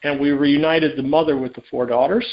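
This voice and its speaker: Male guest, private investigator type, raised pitch, chatty storyteller, muffled lo-fi sound. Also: brisk. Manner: animated, acts out quoted dialogue, many restarts. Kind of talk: conversational storytelling interview. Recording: dull lo-fi audio.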